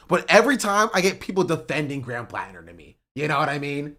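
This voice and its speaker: Animated ranting male streamer. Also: a little high, brisk, few pauses. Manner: animated, swings from loud outbursts to muttering; swears, says "bro", repeats himself. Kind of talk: heated political rant on a livestream.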